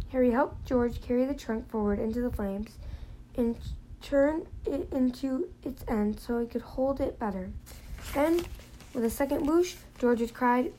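A woman's voice: fairly high pitch, unhurried, dark tone, slight background noise, rough recording. A woman reading a novel aloud in a plain manner, now and then slipping and restarting a phrase. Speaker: reader.

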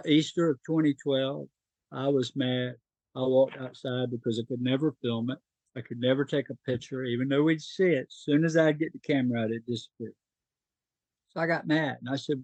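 A man's voice: mid-range voice, a little mellow, no room sound, dull audio. A middle-aged man from North Carolina, a podcast guest telling his life story in an emotional, earnest way.

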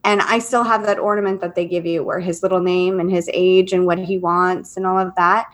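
A woman's voice: on the low side, flat delivery, a little fast, fairly bright tone. A middle-aged woman co-hosting a podcast, telling stories candidly and acting out what people said. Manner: candid storytelling, acts out quotes. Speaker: podcast co-host. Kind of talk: casual chat.

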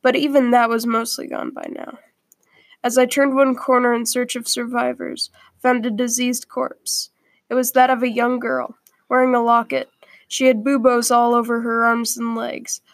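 A woman reading a first-person story aloud in a quiet, earnest way, with small slips along the way. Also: a little high, vocal fry, no room sound.

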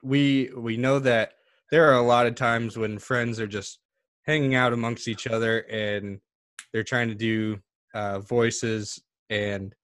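Man co-host asking slow questions. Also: mid-range voice, level tone, a bit bright, no room sound, studio quality. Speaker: podcast co-host. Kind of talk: casual interview chat.

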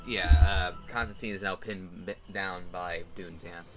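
A man running an online tabletop game as game master, talking fast and wry. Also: sits low, steady tone, music in the background.

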